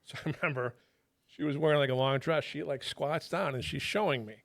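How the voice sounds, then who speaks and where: A man's voice: on the high side, brisk, gravelly, no echo, studio quality. A man in his fifties, a podcast guest, telling stories in a colloquial, profane way with frequent restarts and laughs. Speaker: podcast guest, retired federal drug agent. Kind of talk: casual storytelling chat.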